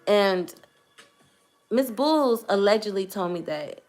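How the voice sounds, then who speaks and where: A woman's voice: medium pitch, animated, takes it slowly, darkish tone, faint music behind. A young woman vlogger telling a personal testimony to camera in an earnest, hesitant way, choosing her words carefully.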